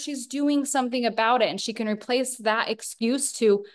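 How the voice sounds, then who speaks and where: A woman's voice: fairly high pitch, steady tone, brisk, hardly any pauses. Earnest woman in her thirties coaching a group. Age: 30s. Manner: earnest, coaching, asks the audience questions. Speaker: workshop speaker. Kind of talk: motivational talk to a small group.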